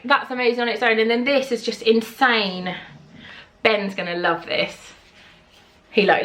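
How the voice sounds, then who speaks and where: A British woman vlogging a casual unboxing in her kitchen at home, excitable and full of gasps, squeals of delight and frequent swearing. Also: fairly low pitch.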